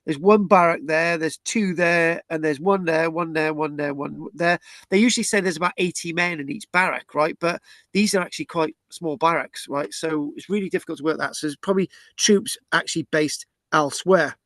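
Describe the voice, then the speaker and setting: British male archaeology presenter, fairly high voice, rambling, dry close sound. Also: moderate pace, fairly bright tone, no echo. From Britain. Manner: rambling, with restarts and tag questions. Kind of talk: explaining a site plan.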